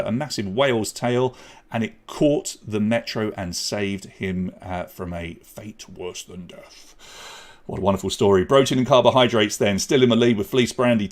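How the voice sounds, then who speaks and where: A chatty man hosts a live online pub quiz, reading out questions and scores with easy banter. His voice sits at an ordinary middle pitch, and he cracks little jokes along the way. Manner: chatty, jokey, reads out scores. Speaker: quiz host.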